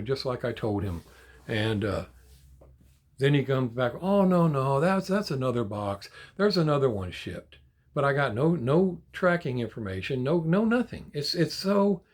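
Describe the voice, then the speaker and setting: A man's voice: medium pitch, darkish tone, husky. A man hosting a toy collector channel, talking casually to his viewers, getting frustrated and ranting, swearing a lot and repeating himself when worked up. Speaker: die-cast toy collector channel host.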